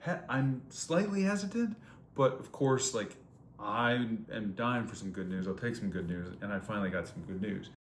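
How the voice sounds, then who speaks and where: A man's voice: on the low side, lively intonation, normal speed, slight background noise. Rambling young man telling a story. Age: 20s. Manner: rambling, repeats words, many fillers. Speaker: vlogger. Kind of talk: casual personal story to camera. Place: on a surf trip. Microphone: phone or camera, quickly made video.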